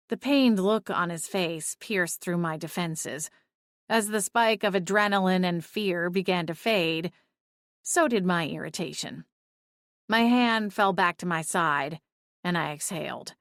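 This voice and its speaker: A woman narrating a story in the first person, expressive and lively, reading from a script. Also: medium pitch, measured pace, no room sound, studio quality. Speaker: audiobook narrator.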